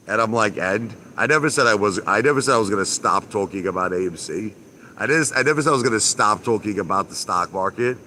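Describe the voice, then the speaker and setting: Guy ranting on his live stream out by the pool, lowish voice, bright edge, faint outdoor hum behind. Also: expressive, brisk. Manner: repetitive, emphatic, mildly profane. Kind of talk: casual live-stream rant. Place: backyard by a pool.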